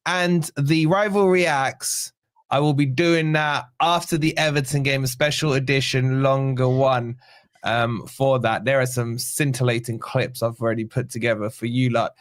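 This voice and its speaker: A man's voice: medium pitch, fairly even intonation, normal speed, no room sound. Man hosting a fan call, dry mic. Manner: teasing, runs the show and wraps up. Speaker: host of a fan channel show. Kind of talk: casual chat.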